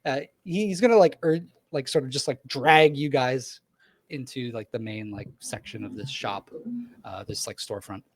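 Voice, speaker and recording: A man's voice: mid-range voice, level tone, moderate pace, a bit bright. A man narrating a tabletop game as game master, rambling with lots of "like" and "um".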